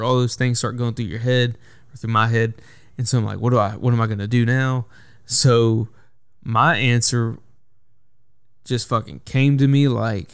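A young man tells a story on his own podcast, rambling and cursing, circling back to fix his words as he goes. His voice is smooth and resonant. The sound is dry and close, with no room around it. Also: mid-range voice, dry recording. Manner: rambling, profane, self-correcting storyteller. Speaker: podcast host. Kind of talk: casual solo podcast storytelling.

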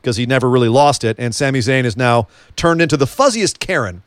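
A man's voice: medium pitch, lively intonation, fairly quick, clear, resonant tone, no room sound, studio quality. A man co-hosting a casual wrestling chat, joking around and asking lots of questions. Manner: chatty, joking, asks many questions. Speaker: wrestling podcast co-host.

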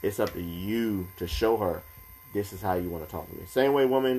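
A young man co-hosting a casual podcast chat, talking in a calm, measured, advice-giving way. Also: lowish voice.

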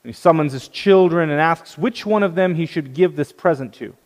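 Male preacher, slightly high voice, anecdotal sermon with gentle humor, long hall reverb. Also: a little fast. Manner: storytelling with light humor. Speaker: pastor.

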